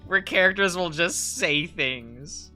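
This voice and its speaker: A man's voice: on the high side, lively intonation, slow, bright, forceful tone, soft background music. A man chatting casually on a live drawing stream, rambling with lots of fillers and frequent giggles.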